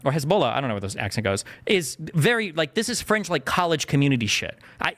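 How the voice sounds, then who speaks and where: A man's voice: fairly high pitch, fairly bright tone. A man streaming live, answering chat questions in a blunt, profane, exasperated way. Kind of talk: heated live-stream debate.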